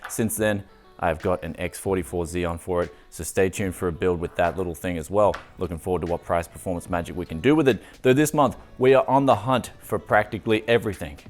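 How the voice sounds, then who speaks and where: An upbeat man talks casually in a fairly low voice as a tech host, slangy and jokey. Soft music plays faintly behind him. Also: brisk. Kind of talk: casual vlog narration.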